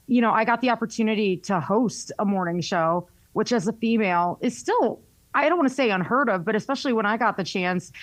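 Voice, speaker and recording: A woman's voice: mid-range voice, dry recording. A young woman with a Southern US accent, a radio personality chatting casually in an interview, full of fillers. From North Carolina, US. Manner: chatty, frequent "like" fillers, laughs often.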